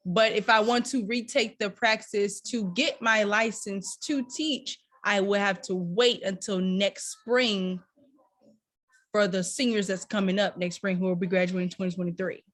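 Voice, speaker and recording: A young woman student, asking questions in an anxious, rushed way. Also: mid-range voice, fairly even intonation, a bit bright. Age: young adult. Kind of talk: classroom question.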